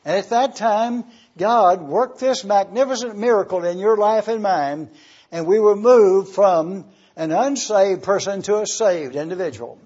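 A man preaching an evening sermon, teaching slowly and spelling Greek words letter by letter. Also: sits high, a little mellow, breathy edge, dull audio. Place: church service, evening.

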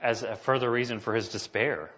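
A man's voice: medium pitch, steady tone, fairly quick, a bit bright, lo-fi sound. A man preaching a sermon, reading scripture passages aloud with rising emphasis and talking casually to the congregation between them. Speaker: pastor.

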